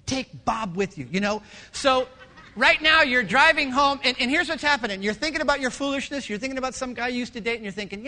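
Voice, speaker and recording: A male pastor preaching a sermon with animated storytelling, slipping into character voices. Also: very high voice, quick pace.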